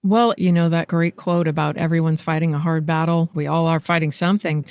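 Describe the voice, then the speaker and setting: A woman hosting a podcast, talking candidly and swearing freely, animated when she retells stories. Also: fairly low pitch, dry recording, studio quality. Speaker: podcast host. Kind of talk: casual interview chat and closing narration.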